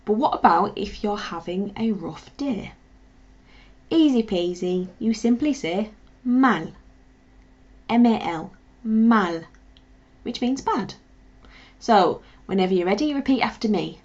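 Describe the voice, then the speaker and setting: Encouraging woman teacher with a gravelly edge. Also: medium pitch, expressive, a little slow, pauses often, darkish tone. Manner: encouraging, spells words out, repeat-after-me drills. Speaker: language teacher. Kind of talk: beginner language lesson. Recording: dull lo-fi sound.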